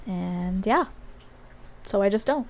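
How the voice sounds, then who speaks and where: A woman's voice: mid-range voice, expressive, slow, a little mellow, slight background noise. A woman from Australia who streams games live, talking in a casual, rambling way with many fillers and asides. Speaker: game streamer. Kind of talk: casual live-stream chat while gaming.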